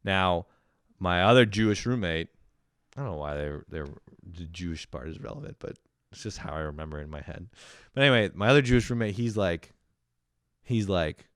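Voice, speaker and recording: A man's voice: deep voice, clean tone, no echo, clean studio sound. A young man in his twenties, a podcast host telling a rambling story and ranting with constant swearing and laughter. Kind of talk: profane comedic rant.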